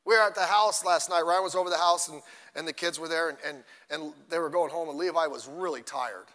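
An older man who is a grandfather, preaching a conversational sermon in church with asides and sudden loud bursts. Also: fairly high pitch, fairly quick, big-room sound. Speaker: pastor. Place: church sanctuary.

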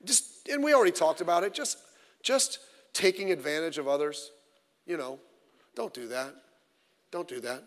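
A middle-aged man preaching a sermon as pastor, animated and wry, with many rhetorical questions. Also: a little high, moderate pace, long pauses, big-room sound. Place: church sanctuary.

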